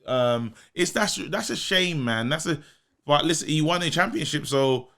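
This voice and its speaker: Animated man, higher voice. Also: moderate pace. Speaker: podcast co-host. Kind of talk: casual chat.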